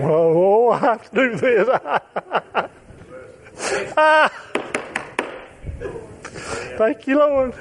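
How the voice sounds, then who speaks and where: A man preaching a sermon, emphatic and repetitive, drawing out his phrases and now and then shouting or chuckling. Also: extremely high pitch, sing-song, extremely slow, pauses often, slight background noise.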